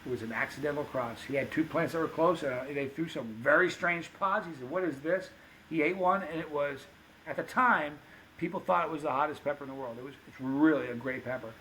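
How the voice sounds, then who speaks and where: A man telling stories on a podcast, animated and acting out the dialogue of the people in them. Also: fairly high pitch, fairly quick, a little hiss or hum, poor audio. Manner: animated anecdote-teller, acts out quoted dialogue. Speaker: podcast guest, pepper show host. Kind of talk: casual storytelling.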